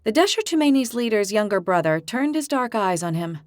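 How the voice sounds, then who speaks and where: A woman narrating a fantasy audiobook with even, clear storytelling, recorded on a close studio mic. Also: medium pitch, brisk, few pauses, no room sound.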